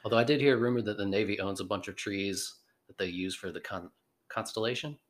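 A man's voice: on the low side, quick pace. A man who is an aviator, a guest on a podcast, talking in an easygoing, matter-of-fact way in casual conversation. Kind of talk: casual interview chat.

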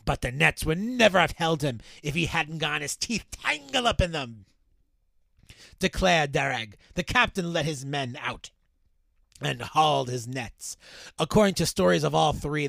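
A man voicing a gruff old male sea captain, reading out a story slowly and deliberately. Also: on the high side, expressive, a bit bright, no room sound. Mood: storytelling. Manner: slow, deliberate storytelling read. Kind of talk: reading an old newspaper account in character.

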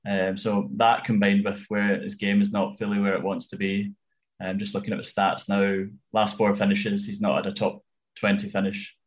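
A man tipping golf bets in casual chat, analytical and measured with frequent ums. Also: lowish voice, completely flat delivery. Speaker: golf betting tipster.

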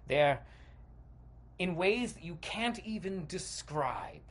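A man's voice: sits high, big pitch swings, slow. Playful man narrating a guided visualization. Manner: playful, dramatic, makes sound effects. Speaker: podcast host.

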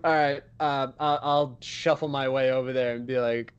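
A man's voice: medium pitch, fairly even intonation, moderate pace, clear, resonant tone, lo-fi sound. A man playing a tabletop game, laid-back and casual, swearing now and then. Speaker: player.

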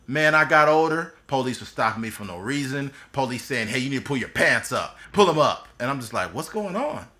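A man in his thirties hosts a podcast, telling his story in casual chat with passion, bluntness, and swearing. His mid-range voice is very animated and sharp in tone, moving fairly quickly with few pauses.

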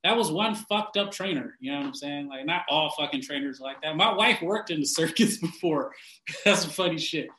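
A man ranting casually and bluntly, swearing constantly, laughing often and getting animated when he mocks people. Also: fairly high pitch, moderate pace, reverberant, rough recording. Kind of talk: casual profane rant.

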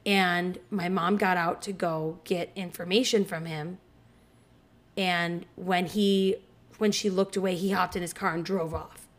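Chatting casually on her podcast, a woman in her thirties tells a frank story from her own life, cursing freely and performing the voices of people she quotes. She's lively in delivery, though her voice is lowish and she speaks a little slowly.

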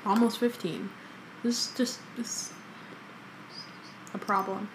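A young woman co-hosting a casual book podcast reads a novel aloud slowly, her medium-pitched voice holding a steady tone. She's chatty, breaking off into jokey asides with many ums. A little hiss or hum can be heard.

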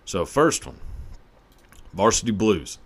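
A man's voice: on the low side, big pitch swings, slow. A young man hosting his own podcast, talking casually in a crude, profane, joking way and laughing often. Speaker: podcast host. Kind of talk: casual solo podcast monologue.

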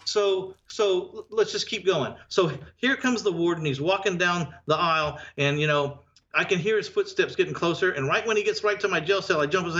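A man with a high, bright, forceful voice tells stories with lively energy, playing out conversations in different voices as he goes. The sound is dull and lo-fi, like a remote call recording. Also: a little fast. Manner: animated storyteller, acts out dialogue. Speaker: real estate investor and educator. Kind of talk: casual podcast interview.

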